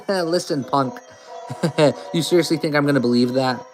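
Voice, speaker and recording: A man voicing a tough, loud woman police chief who shouts and laughs mockingly. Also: on the high side, unhurried, soft background music, pitched above the performer's own voice, natural voice. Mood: brash mocking.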